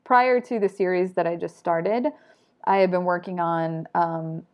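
Animated laughing woman telling stories. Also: on the low side, unhurried. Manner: animated, laughing, swears casually. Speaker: podcast guest, textile artist. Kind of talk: casual storytelling chat.

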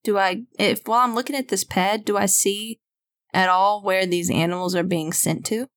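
A woman playing a tabletop role-playing game, thinking aloud with laughs and halting restarts. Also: mid-range voice, fairly even intonation. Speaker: player. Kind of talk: casual tabletop role-play chat.

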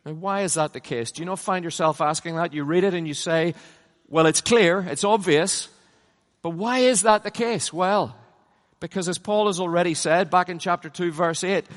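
A middle-aged man preaching from a stage in a large conference hall, his voice sitting a little high for a man. He is emphatic, pushing up to loud passionate peaks, then sinking low and quiet to land a point. A long reverb trails after each phrase. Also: fairly even intonation, moderate pace. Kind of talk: conference sermon.

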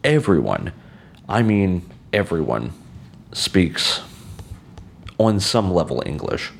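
Deep-voiced rambling American man. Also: big pitch swings, takes it slowly, creaky, a little hiss or hum. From United States. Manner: rambling, frequent fillers and restarts. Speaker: podcast host. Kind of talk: casual solo monologue. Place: outdoor balcony.

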